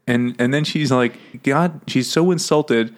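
A man hosting a casual book-chat podcast over beers, sarcastic, acting out characters' lines in quick bits. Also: medium pitch. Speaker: podcast host.

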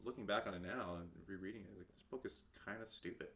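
A man's voice: fairly low pitch, fast talker, a bit bright. A young man co-hosting a podcast, chatting casually and crudely about a book, often laughing and acting out scenes. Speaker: podcast co-host.

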